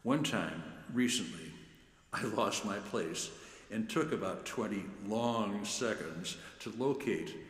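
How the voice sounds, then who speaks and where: Male church lector, measured and deliberate, low voice, roomy reverberant sound. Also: expressive. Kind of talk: prepared talk on reading scripture aloud. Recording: echoey room with long reverb.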